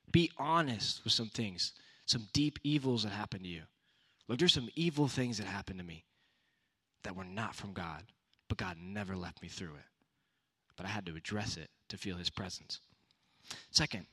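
A man's voice: lowish voice, lively intonation, fairly quick, a bit bright, husky. A young man giving a casual youth sermon, conversational with punchy repeated exhortations. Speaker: youth speaker.

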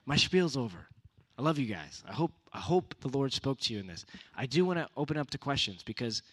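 A man's voice: mid-range voice, sing-song, moderate pace. A young man giving a casual youth sermon, conversational with punchy repeated exhortations. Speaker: youth speaker.

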